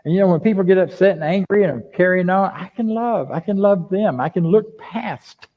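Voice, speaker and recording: An older man preaching a conversational sermon as a minister, lively and full of rhetorical questions to his congregation. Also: high voice, a little fast. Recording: dull lo-fi sound.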